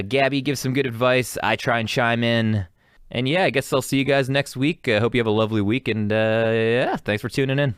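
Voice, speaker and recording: A man's voice: fairly low pitch, fairly bright tone, clean tone, dry recording, studio quality. A young man hosting a podcast, chatting casually and rambling with fillers, swearing now and then. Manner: rambling, profane, mimics characters in mocking voices. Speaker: podcast host. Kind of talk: casual solo chat.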